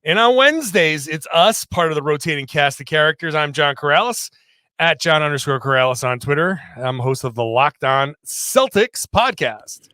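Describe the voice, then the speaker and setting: A man's voice: a little high, expressive, normal speed, pushed and bright, clear, resonant tone, no echo, clean studio sound. Upbeat man hosting a sports podcast. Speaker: podcast host. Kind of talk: casual sports podcast chat.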